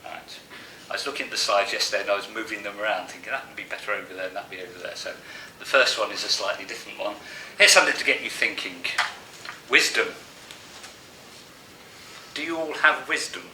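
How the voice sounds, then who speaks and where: A fast-talking masterclass presenter with a fairly low, pushed and bright voice gives a live talk to a room of analysts. He jokes and asks the audience questions in a conversational manner, recorded from far off in an echoey room with faint hiss.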